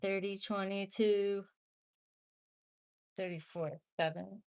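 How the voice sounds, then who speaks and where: A woman's voice: mid-range voice, steady tone, slow pace, clear, resonant tone. Blunt woman chatting on a livestream. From American Midwest. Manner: blunt, swears, reads chat comments aloud. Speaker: livestream host. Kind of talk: casual livestream chat.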